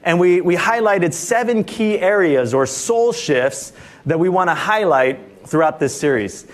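A male pastor with a notably high-pitched voice, preaching with emphasis during a church service. He speaks in short, punchy lines and keeps checking in with the congregation for an amen. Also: animated, measured pace. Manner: emphatic, repeatedly asks "Amen?". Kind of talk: sermon.

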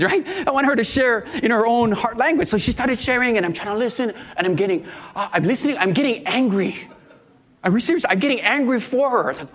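Middle-aged pastor, sermon delivery, high voice, animated storyteller. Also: male voice, fairly quick.

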